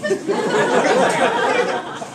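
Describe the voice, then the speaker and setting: A man's voice: drawn-out words, a crowd in the background. A man doing a rambling, self-deprecating stand-up comedy set, swearing and fretting, while he has a cold. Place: small cafe comedy night, from the audience area. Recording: echoey cafe room, camera far off, audible noise.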